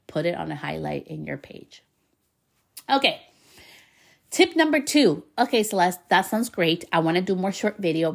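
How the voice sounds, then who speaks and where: A woman's voice: on the low side, vocal fry. A woman hosting a podcast, giving casual, upbeat business tips to hairstylists with lots of fillers and the odd swear word. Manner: chatty, upbeat, frequent fillers and mild swearing. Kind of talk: casual advice talk.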